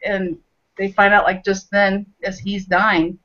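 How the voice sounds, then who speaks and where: A woman co-hosting a casual podcast chat, retelling scenes in an animated way with lots of fillers and restarts. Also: mid-range voice, unhurried. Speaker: podcast co-host. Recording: dull lo-fi podcast audio.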